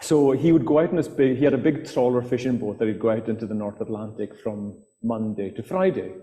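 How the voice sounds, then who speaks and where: A Scottish man from the Outer Hebrides spins stories on stage, hesitating with fillers and restarts. His voice is mellow and warm, carried by a live mic into a long-echoing hall. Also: medium pitch, a little fast. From Outer Hebrides, Scotland. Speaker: author and guest speaker. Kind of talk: storytelling talk to a live audience. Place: festival hall.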